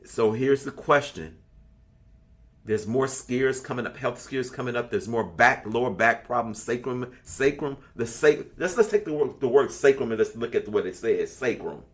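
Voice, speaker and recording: As class leader of an online spiritual session, this man in his sixties is blunt, profane, and full of stories, cursing freely in casual talk. He speaks at normal speed in an animated, mid-range voice.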